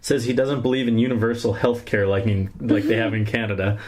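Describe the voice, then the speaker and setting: A man's voice: fairly low pitch, level tone, a little fast, darkish tone. Young man, podcast co-host, rambling recap, easygoing chat. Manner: rambling recap with fillers and laughs. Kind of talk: casual chat recapping wrestling.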